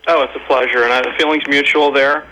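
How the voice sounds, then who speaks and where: A man's voice: medium pitch, flat delivery, fast, background noise. A man co-hosting a radio show in casual chat, upbeat and friendly, laughing along with the jokes. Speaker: radio co-host.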